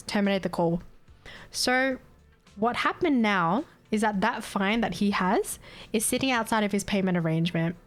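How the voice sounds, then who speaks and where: A woman live streamer venting in a casual, heated and profane rant, breaking into laughter. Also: mid-range voice. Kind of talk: casual ranting chat.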